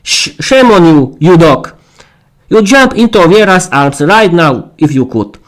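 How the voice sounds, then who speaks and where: A man's voice: high voice, expressive, measured pace. A man voicing a hot-tempered, jealous young woman who snaps and scolds. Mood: angry.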